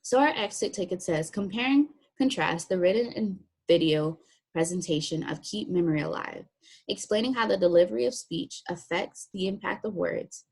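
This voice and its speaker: A woman's voice: fairly low pitch, expressive, normal speed, vocal fry, darkish tone, breathy edge. A woman teacher walking students through a written assignment step by step, in a plain, practical way. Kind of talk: recorded classroom lesson walkthrough.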